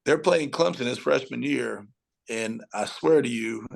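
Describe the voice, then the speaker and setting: A middle-aged man with a strongly gravelly voice, speaking as a high school football coach on an interview show. He tells stories with animation and acts out scenes. His pitch sits in the middle range. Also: unhurried. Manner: animated storyteller, acts out shouting at the TV. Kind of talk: podcast interview guest.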